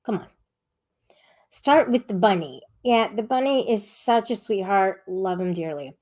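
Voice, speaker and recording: An animated but unhurried woman with a mid-range voice hosts a live-stream panel. She talks casually, voices the chat aloud, and rambles as she sharply tells viewers off.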